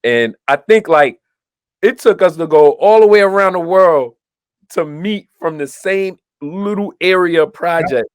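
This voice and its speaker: A man's voice: high-pitched, measured pace, smooth, no room sound, clean studio sound. A man from Brooklyn, co-hosting a casual podcast and telling stories, acting out the dialogue in his anecdotes. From Brooklyn, New York. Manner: animated storyteller, acts out dialogue in quotes. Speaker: podcast co-host. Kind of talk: casual storytelling chat.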